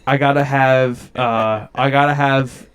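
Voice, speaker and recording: A man from Delaware County, Pennsylvania, co-hosting a podcast in casual chat with a deadpan joking manner. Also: mid-range voice, measured pace, a little hiss or hum. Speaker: podcast co-host.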